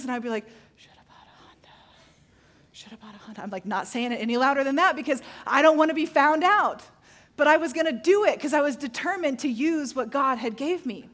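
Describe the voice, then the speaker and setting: A middle-aged woman pastor preaches with a slightly higher voice. She tells stories about her own life candidly and pokes fun at herself with playful asides. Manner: candid, self-deprecating storytelling with playful asides. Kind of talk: sermon.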